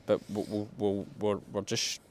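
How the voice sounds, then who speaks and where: A man's voice: on the low side, completely flat delivery, normal speed. A young man with a Scottish accent, a sheep farmer hosting a casual farm vlog outdoors and talking bluntly to the camera. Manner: blunt, swears casually, uses local dialect words. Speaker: sheep farmer and channel host.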